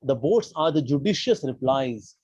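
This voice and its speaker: A man giving an animated devotional storytelling talk who acts out the voices. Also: mid-range voice, moderate pace, husky, no room sound, poor audio. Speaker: devotional speaker.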